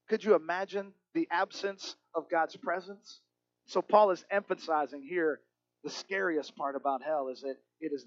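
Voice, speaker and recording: A man preaching a sermon in an earnest way, often dropping to a hush for emphasis. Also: high voice, lo-fi sound.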